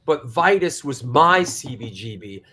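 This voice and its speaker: A middle-aged man hosting an interview, speaking haltingly and repeating words as he looks for his phrasing. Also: mid-range voice, very animated, pushed and bright, slight background noise. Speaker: host.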